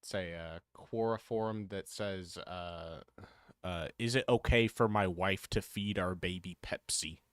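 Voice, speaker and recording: A man's voice: low voice, unhurried, smooth, no echo, studio quality. A man hosting a livestream, talking casually and hesitantly with many fillers. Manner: rambling, hesitant, full of fillers. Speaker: livestream host.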